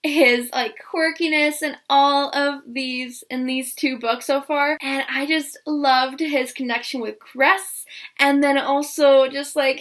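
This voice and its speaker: Young woman book vlogger, high and bright, gushing and excitable, casual chat. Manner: gushing and excitable, many repeated "I loved" and "like".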